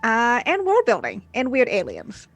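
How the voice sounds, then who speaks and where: An upbeat woman with a fairly high voice opens a tabletop game stream as its game master. She runs through announcements in a chatty way, peppered with filler sounds. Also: huge pitch swings, moderate pace, fairly bright tone.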